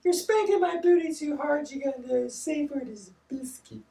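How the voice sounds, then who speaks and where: A man's voice: very high-pitched, normal speed, gravelly, dark tone, far from the mic. A man co-hosting a casual podcast, joking around, laughing often and slipping into silly voices. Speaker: podcast co-host. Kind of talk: casual chat. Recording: echoey room, voice a bit off-mic.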